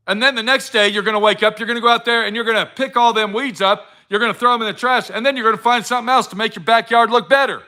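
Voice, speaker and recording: A man's voice: sits high, steady tone, rapid-fire, bright, forceful tone. A middle-aged man giving a blunt, profane motivational talk to his viewers, full of swearing and preachy advice. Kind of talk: profane casual motivational rant.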